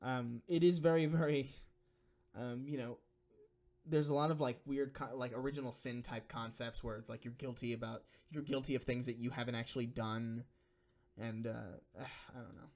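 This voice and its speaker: A man's voice: medium pitch, fairly even intonation, normal speed, a little mellow. A young man streaming, reading donation messages and answering viewer questions in a rambling, profane, filler-heavy way. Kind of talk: casual live-stream Q&A.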